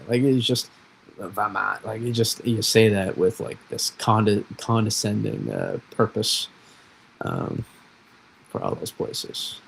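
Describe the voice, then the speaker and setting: A man's voice: fairly low pitch, expressive, slow pace, vocal fry, a little hiss or hum, low-quality recording. A man from New England hosting a weather livestream, rambling and self-correcting in casual chat.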